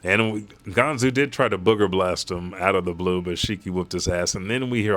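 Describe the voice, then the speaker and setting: Low-voiced man, profane live read. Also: fairly quick, hardly any pauses, no echo. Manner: excitable, profane, fan-style commentary. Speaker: host reading a manga chapter live. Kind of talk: casual live read with commentary.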